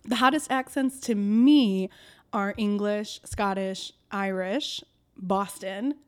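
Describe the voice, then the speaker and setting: A woman's voice: medium pitch, slow, a little mellow, smooth. Chatty woman, laughing often. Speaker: comedian guest. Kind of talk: casual podcast chat.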